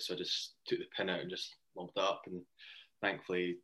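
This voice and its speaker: A young man with a very deep voice chats as a podcast guest, recounting stories in an easy, rambling way. He laughs often as he talks. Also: completely flat delivery, brisk, sharp tone. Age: young adult. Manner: chatty, laughs while telling anecdotes. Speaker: guest, cricket player. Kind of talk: casual interview storytelling.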